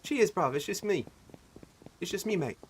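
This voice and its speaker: A man's voice: high-pitched, animated, normal speed, slight background noise, voice pushed up. A man putting on a cheeky English bloke. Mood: cocky. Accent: put-on English. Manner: slangy, clipped catchphrases.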